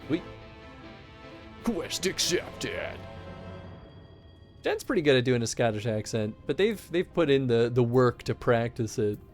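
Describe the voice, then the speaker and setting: A man's voice: medium pitch, sing-song, fairly quick, few pauses, darkish tone, soft background music. A man streaming a game, chatting casually and animatedly, laughing often. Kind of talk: casual gameplay chat.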